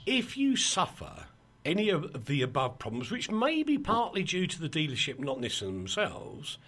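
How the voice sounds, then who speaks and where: Lively, husky man telling stories. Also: on the high side, moderate pace. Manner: animated, laughing storyteller with mock quotes. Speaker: radio show host. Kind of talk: casual chat, storytelling.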